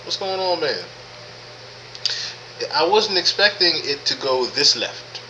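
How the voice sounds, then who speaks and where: A man's voice: a little high, lively intonation, takes it slowly, sharp tone, a little hiss or hum, poor audio. A man hosting a live podcast stream, talking casually with lots of profanity, repeating himself and greeting chat viewers by name. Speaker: podcast host.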